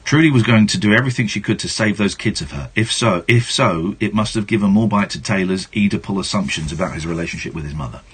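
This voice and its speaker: A man's voice: on the low side, quick pace, few pauses, slightly rough. A man hosting a late-night radio show, reading a book aloud on air and breaking off for playful asides. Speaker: radio host. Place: radio studio. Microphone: studio microphone.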